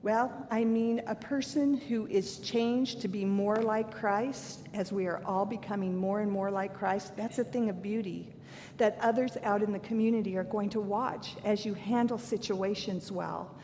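A woman's voice: fairly even intonation, unhurried, warm tone. An older woman giving a sermon, earnest and candid, mixing scripture with self-deprecating stories from her own life. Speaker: preacher. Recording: long hall reverb, faint rumble.

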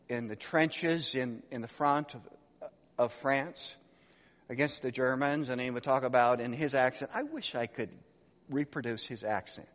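A man in his sixties, a pastor preaching a sermon, telling a family story and putting rhetorical questions to the congregation. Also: mid-range voice. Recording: dull sound with long hall reverb.

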